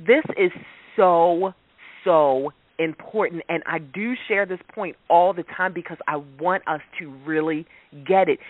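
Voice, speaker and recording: A man's voice: on the high side, dry recording. A man working as a life coach, giving an emphatic motivational talk and repeating his key points. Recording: dry phone-like radio sound.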